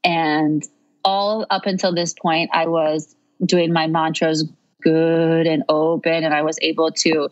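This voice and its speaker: A woman guest telling her story in a casual, lively way, acting out what she said back then. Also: deep voice, muffled recording. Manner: lively, acts out her own past lines. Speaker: podcast guest.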